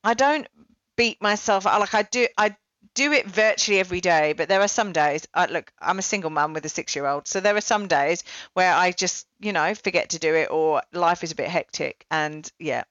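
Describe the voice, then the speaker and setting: Woman podcast host, casual and self-deprecating, low voice, dull lo-fi recording. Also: normal speed, fairly bright tone, no echo. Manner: chatty, self-deprecating, many fillers. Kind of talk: casual interview chat.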